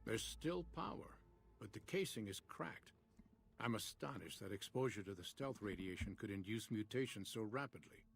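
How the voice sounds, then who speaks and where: An earnest game scientist. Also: male voice, lowish voice, animated, normal speed, gravelly. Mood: concerned. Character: male scientist in a wasteland game, earnest, worried. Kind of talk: video game dialogue.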